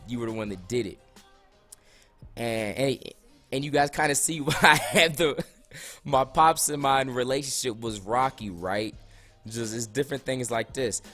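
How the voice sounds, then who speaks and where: A young man tells a story in a loose, slangy style, lively and animated. His voice sounds a little worn, as if he is losing it. Faint music plays behind him. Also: medium pitch. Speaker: vlogger. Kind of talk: casual storytime.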